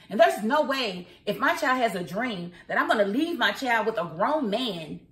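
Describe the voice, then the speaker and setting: A woman's voice: a little high, fairly bright tone. Outspoken woman ranting in a roomy room. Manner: outspoken, ranting, asks rhetorical questions. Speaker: vlogger and commentator. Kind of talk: opinionated news commentary. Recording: roomy echo.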